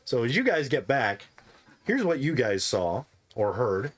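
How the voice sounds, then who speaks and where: A man's voice: medium pitch, big pitch swings, a little slow. Young guy running a tabletop game, easygoing rambling narration, laughs a lot. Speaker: game master.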